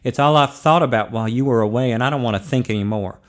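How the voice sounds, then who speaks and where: A man reading aloud, voicing a brawny, blunt adult man in a hushed, matter-of-fact way. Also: mid-range voice, quick pace, lightly acted.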